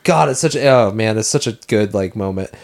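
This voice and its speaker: A man's voice: fairly low pitch, animated, brisk, gravelly. A man co-hosting a podcast, casually recapping a film in a rambling way and acting out lines from it. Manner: rambling, acts out quoted lines. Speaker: podcast co-host.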